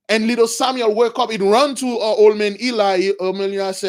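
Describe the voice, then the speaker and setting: Man with a high voice, informal religious storyteller, slangy, animated. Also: moderate pace, few pauses. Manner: animated, slangy, bursts of shouting. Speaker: preacher.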